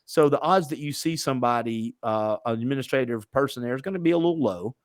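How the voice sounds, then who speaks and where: A man's voice: mid-range voice, fast talker, no room sound, studio quality. A middle-aged man hosting a podcast interview, telling stories in a chatty way with many fillers. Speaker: podcast host. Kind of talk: casual interview chat.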